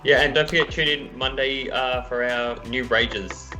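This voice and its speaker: A man's voice: mid-range voice, steady tone, moderate pace, music in the background. A man playing in a tabletop game, chatting casually and joking around. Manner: joking, puts on playful voices. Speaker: player. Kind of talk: casual chat.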